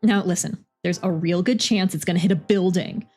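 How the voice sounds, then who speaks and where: A woman playing a brisk, bossy coach. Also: fairly low pitch, darkish tone, faint music behind, lightly acted. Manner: brisk, commanding.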